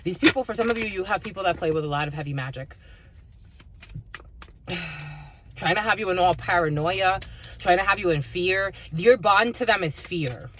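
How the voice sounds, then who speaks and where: A woman's voice: lowish voice, animated, moderate pace, long pauses, a bit bright. Woman doing a spirit reading, swears constantly, blunt and ranty, slight hiss behind her. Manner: profane, blunt, rants heatedly. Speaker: spiritual reader. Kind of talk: intuitive reading monologue.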